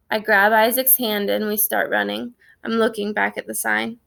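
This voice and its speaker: A woman reading a storybook aloud in a steady first-person narration. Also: mid-range voice, normal speed, creaky. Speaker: reader.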